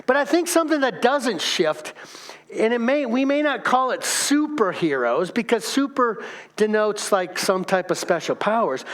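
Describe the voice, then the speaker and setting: A man's voice: sits high, fairly bright tone. A middle-aged man preaching a casual, joking sermon as pastor, chatting directly with the congregation.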